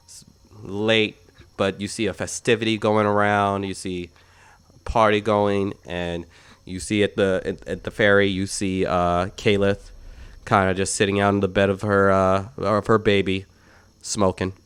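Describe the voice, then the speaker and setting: Casting: male game master, slow, smooth clear voice, halting narration. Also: fairly low pitch, little pitch movement, fairly bright tone. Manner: unhurried narration with pauses and fillers.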